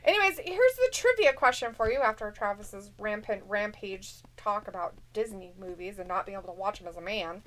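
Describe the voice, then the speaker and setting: A woman's voice: medium pitch, lively intonation, brisk, few pauses, a bit bright. A woman co-hosting a live stream, chatting casually and reading viewer messages aloud in a teasing, jokey way.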